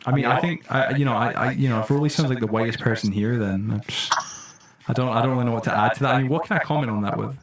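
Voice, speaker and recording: A young man streaming a survival game, chatting casually and breaking into loud, startled, swearing reactions. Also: medium pitch, quick pace. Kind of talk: casual live-stream commentary.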